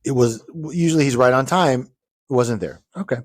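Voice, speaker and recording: A man's voice: medium pitch, normal speed, no echo, clean studio sound. Profane man telling stories, teasing. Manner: profane, mock-pompous, teasing. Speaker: podcast co-host. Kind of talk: casual chat, storytelling.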